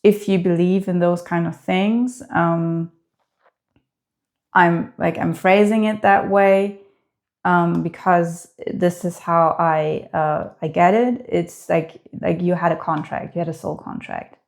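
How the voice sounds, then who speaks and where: Lady doing a tarot reading, slow and hesitant, lots of ums, gentle and heartfelt, low voice. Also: fairly even intonation, creaky. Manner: hesitant, full of filler words. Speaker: tarot reader.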